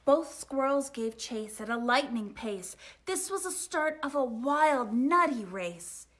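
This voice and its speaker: A woman reading a rhyming children's picture book aloud, expressive and sing-song, sometimes dropping to a whisper. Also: sits high, slow pace. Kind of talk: storytime read-aloud.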